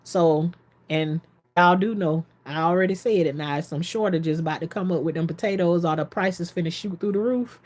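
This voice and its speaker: A woman vlogging in a casual, excitable storytelling style, rambling between topics and talking straight to her viewers. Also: on the low side, normal speed. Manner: chatty, folksy, addresses viewers directly.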